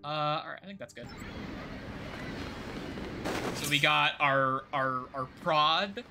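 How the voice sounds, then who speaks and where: A man's voice: on the high side, slow, background noise. A young man streaming a game live, rambling casually to himself and swearing when things go wrong. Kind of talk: casual live gameplay commentary.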